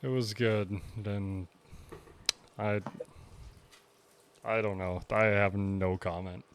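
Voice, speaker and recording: A man's voice: fairly low pitch, level tone, takes it slowly, noisy background. A man co-hosting a podcast in casual chat, laid-back and teasing. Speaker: podcast co-host.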